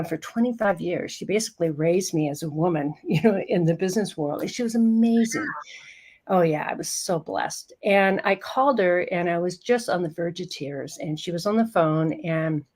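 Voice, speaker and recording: A woman in her fifties, a program founder telling a heartfelt story in an interview and laughing often as she goes. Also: fairly low pitch. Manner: warm, emotional storyteller who laughs often.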